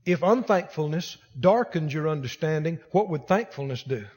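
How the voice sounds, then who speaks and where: A man's voice: fairly high pitch, expressive, moderate pace, a little mellow, slightly rough. A man preaching a sermon, pressing his points with emphatic repetition and speaking directly to the congregation. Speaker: pastor. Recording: long hall reverb.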